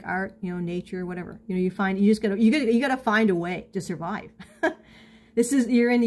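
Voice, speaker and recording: Middle-aged woman, vlogger, confessional monologue, halting, many restarts, candid, self-mocking. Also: mid-range voice, a little mellow. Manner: halting, full of restarts and "you know".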